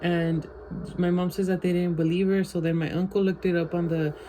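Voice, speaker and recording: Flat-voiced woman rambling through a storytime. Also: fairly low pitch, a little fast, a little hiss or hum, rough recording. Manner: rambling, filler-heavy storytelling with Spanish phrases mixed in. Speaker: vlogger. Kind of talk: casual storytime. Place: home.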